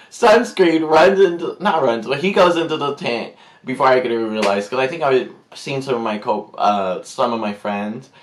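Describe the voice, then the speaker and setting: A man's voice: mid-range voice, normal speed. A man telling a story in a casual vlog, rambling with many fillers and acting out the people he quotes. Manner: animated, acts out quotes in put-on voices. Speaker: YouTuber.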